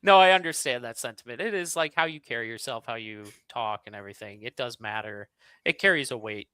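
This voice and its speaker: A man chatting as a podcast guest, agreeable and quick to laugh. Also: medium pitch, smooth, dry recording. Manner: animated, agreeable, laughs often. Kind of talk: casual podcast chat.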